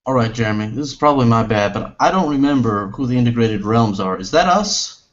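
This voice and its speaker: A man's voice: mid-range voice, expressive, fairly quick. A man playing a tabletop game, chatting casually and joking around. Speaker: player. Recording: dull lo-fi sound.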